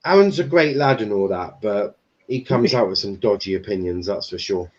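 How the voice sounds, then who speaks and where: A man's voice: fairly low pitch, expressive, moderate pace, a little mellow, muffled recording. A man hosting a live football stream, chatting casually with loose banter, swearing and restarts. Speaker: stream host.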